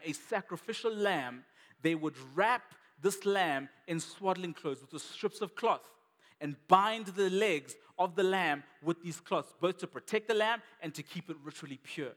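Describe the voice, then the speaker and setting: A man's voice: a little high, a bit bright, long reverb tail. A man preaching a sermon as a pastor, conversational and emphatic, repeating key words for weight.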